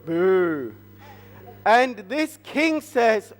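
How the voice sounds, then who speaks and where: Man, children's storyteller, playful, quizzes the kids, high voice, slow. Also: animated. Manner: playful, asks the children questions. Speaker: children's storyteller at a church service. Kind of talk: interactive Bible story for children.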